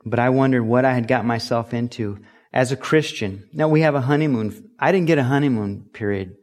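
A middle-aged man preaching a sermon, telling stories and acting out quoted voices with sudden loud, high bursts. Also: a little fast. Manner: storytelling, acts out loud shouting quotes. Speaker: pastor.

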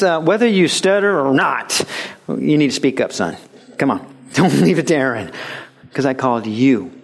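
A male pastor preaching a sermon, animated and acting out little dialogues and mimicking voices for laughs. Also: medium pitch.

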